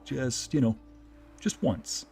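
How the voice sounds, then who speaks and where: Lively joking male game streamer. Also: mid-range voice, slow pace, vocal fry, faint music behind. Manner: playful, joking, reads game dialogue aloud. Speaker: VTuber streamer and narrator. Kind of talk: let's play commentary.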